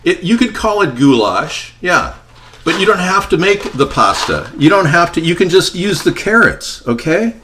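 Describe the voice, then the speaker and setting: A man giving a casual home cooking demonstration, chatty and tossing in deadpan joking asides as he works at the stove. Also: sits high, moderate pace, background noise. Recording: kitchen clatter of pots and pans behind.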